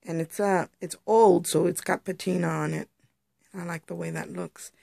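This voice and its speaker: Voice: medium pitch, fairly even intonation, normal speed, vocal fry, dark tone, no room sound, studio quality. A crafter chatting through a casual show-and-tell tutorial on handmade jewelry, rambling and explaining step by step.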